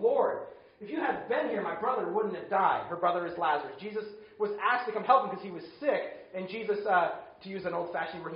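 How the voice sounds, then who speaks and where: A man in his thirties with a high voice gives a relaxed, conversational sermon. He leans on filler words and keeps the tone chatty. The recording sounds roomy and a little muffled. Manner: casual, conversational preaching with frequent "like" fillers. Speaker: pastor.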